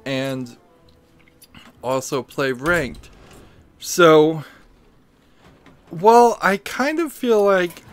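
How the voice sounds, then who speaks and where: Slow, groggy-voiced male game streamer. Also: mid-range voice. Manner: rambling and hesitant, thinking aloud. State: groggy morning voice, just woke up. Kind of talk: casual live-stream commentary.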